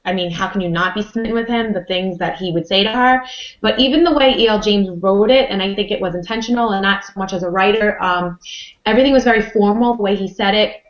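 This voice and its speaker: A woman's voice: medium pitch, quick pace, echoey room, muffled recording. A woman hosting a podcast, leading a casual chat about a book. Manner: chatty, leads the discussion. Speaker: podcast host.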